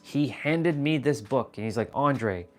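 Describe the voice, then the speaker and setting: Casual, profane man hosting a livestream at home, medium pitch, faint music underneath. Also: moderate pace. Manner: animated, profane, confessional. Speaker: livestream host. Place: room at home.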